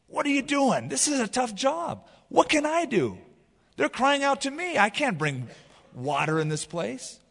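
A man's voice: fairly high pitch, very animated, slow, gravelly, bright, forceful tone, slightly rough, big-room sound, exaggerated voice. A man voicing an exasperated male leader pleading in frustration.

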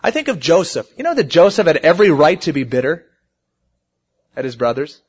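Guy preaching a sermon, kinda high voice, dull lo-fi tape sound. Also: big pitch swings, a little fast, a little mellow, slightly rough. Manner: storytelling, rising emphatically on key points. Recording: muffled lo-fi sermon recording.

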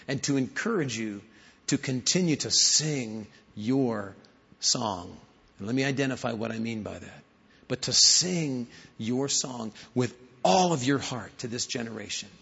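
A man's voice: medium pitch, animated, a little slow, gravelly, fairly bright tone, breathy edge. A man preaching a sermon, telling stories and rising to emphatic questions. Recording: hall reverb, dull lo-fi sound.

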